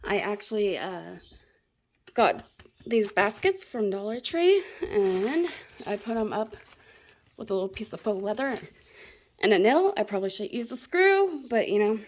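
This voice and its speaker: A woman's voice: medium pitch, lively intonation, a little slow, long pauses. A young woman giving a rambling, self-deprecating tour of her craft room at home, chatting casually and laughing at herself. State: a bit out of breath. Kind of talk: casual chat.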